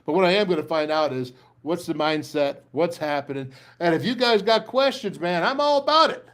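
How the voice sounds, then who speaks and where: An older man hosting a sports talk show, his voice sitting a little high for a man. He talks in a fiery, rambling way, stacking up rally cries and restarts as he works himself up. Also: lively intonation, fairly quick, a bit bright.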